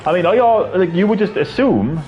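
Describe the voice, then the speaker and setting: A man's voice: high-pitched, animated, brisk, a little mellow, dull audio, faint music behind. A man live-streaming a video game, with rambling, profane, ranting commentary.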